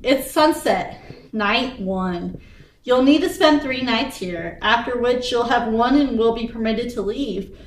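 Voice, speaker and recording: A woman co-hosting a podcast, reading a choose-your-own-adventure story aloud in an animated way, laughing often and breaking off to chat. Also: on the high side, a little slow, slight background noise. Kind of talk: casual read-aloud storytelling. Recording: roomy echo, distant from the mic.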